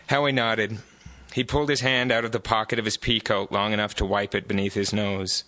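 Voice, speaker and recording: Bright-toned man reading a novel aloud. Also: on the low side, level tone, brisk, no echo. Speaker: author reading his book. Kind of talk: live book reading. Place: bookstore.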